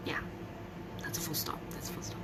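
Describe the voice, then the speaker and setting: A young woman, hosting a casual live video from home, rambling and bursting into excited squeals. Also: brisk, in a whisper, rough recording. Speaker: host of a Facebook group live video.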